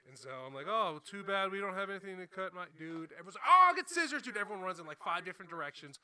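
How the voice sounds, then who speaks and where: A young man from New Jersey with a very bright, slightly high voice tells a casual story. He is laid-back and swears freely, laughing now and then as he goes. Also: rapid-fire, clean tone, dry recording. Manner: laid-back, swearing, laughs often while telling stories. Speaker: comedian guest.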